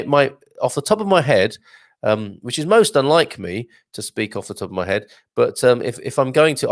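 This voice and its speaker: A man's voice: mid-range voice, no room sound, studio quality. A man hosting a casual live stream, chatting and reading out viewer comments with lots of fillers and asides. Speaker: live show host.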